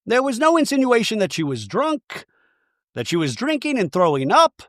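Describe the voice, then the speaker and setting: A man mimicking a shrill, indignant reality-TV woman. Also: wildly swooping pitch, fairly bright tone, no room sound, studio quality, full character voice. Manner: high, indignant, rapid. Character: catty reality-TV woman defending herself, shrill.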